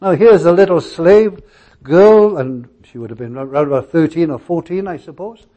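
Halting storytelling pastor, man. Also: a little high, animated, dark tone, dull audio. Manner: halting anecdotal storytelling with many restarts. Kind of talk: sermon.

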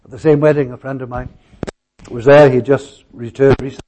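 A male pastor preaching a sermon, telling stories in a halting way with many restarts and fillers. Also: mid-range voice, flat delivery, warm tone.

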